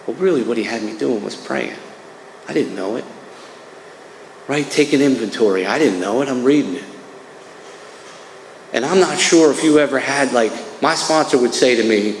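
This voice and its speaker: A man's voice: mid-range voice, moderate pace, creaky, long pauses. Middle-aged man, speaker at a recovery meeting, chatty testimony, tags lines with "man", roomy reverberant hall sound. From New Jersey. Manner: conversational, peppered with "man" and "right". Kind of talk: personal testimony talk. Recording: echoey hall, faint room noise.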